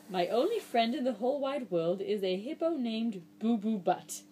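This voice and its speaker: A woman's voice: fairly high pitch, expressive, moderate pace, few pauses, warm tone, a little hiss or hum. A woman reading a children's book aloud to a child, playful and mock-exasperated, breaking into silly nonsense sounds.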